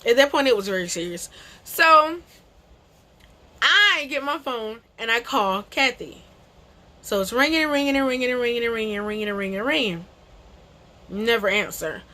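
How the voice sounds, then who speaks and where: A woman's voice: on the high side, animated, normal speed, long pauses, sharp tone. A young adult woman telling a storytime to camera, emphatic and slangy, repeating phrases and calling people bro. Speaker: vlogger. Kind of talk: animated storytime.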